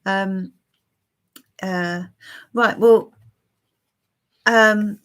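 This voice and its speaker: A woman's voice: mid-range voice, fairly even intonation, extremely slow, fairly bright tone. A woman giving a live-stream tarot reading for viewers, musing and hesitant with many fillers. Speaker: tarot reader.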